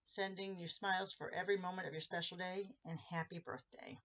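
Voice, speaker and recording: Woman, low voice, chatty crafting tutorial, dull lo-fi sound. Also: steady tone, fairly quick, fairly bright tone. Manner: chatty, talks viewers through each step. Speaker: card-making crafter.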